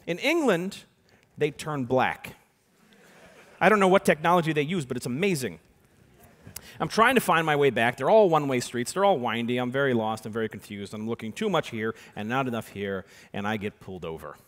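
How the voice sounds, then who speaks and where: Animated man telling a story. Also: medium pitch, a little fast. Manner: animated storyteller, acts out voices, swings from hushed to loud. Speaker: keynote speaker and magician. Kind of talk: storytelling keynote talk. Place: large conference hall. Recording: reverberant conference hall.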